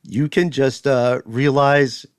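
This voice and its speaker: A man co-hosting a podcast in casual chat, animated and quick to laugh, often reading quotes aloud. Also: mid-range voice, clean tone, no room sound. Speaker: podcast co-host. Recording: dry close studio sound.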